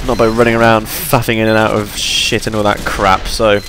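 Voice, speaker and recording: A man's voice: lowish voice, level tone, normal speed, noisy background. A tired young man giving rambling, chatty commentary over his gameplay, yawning between points. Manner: rambling, chatty, self-deprecating.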